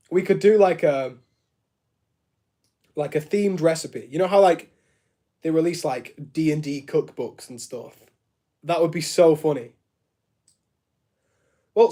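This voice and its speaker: A man's voice: a little high, warm tone. Chatty man on a live stream. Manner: chatty and joking, laughs often, many fillers like "like". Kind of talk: casual live-stream chat answering viewer comments. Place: home studio room.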